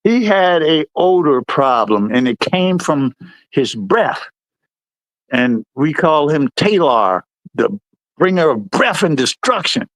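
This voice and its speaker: A man's voice: takes it slowly, no room sound. A middle-aged American man hosting a livestream, telling service stories and acting out the people in them. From United States. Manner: animated, acts out quotes in a higher voice. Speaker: livestream host. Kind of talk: storytelling chat.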